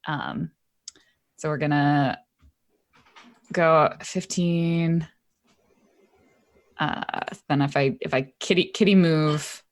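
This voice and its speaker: A woman playing a tabletop game, hesitant and thinking aloud with many pauses. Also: sits low. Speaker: player.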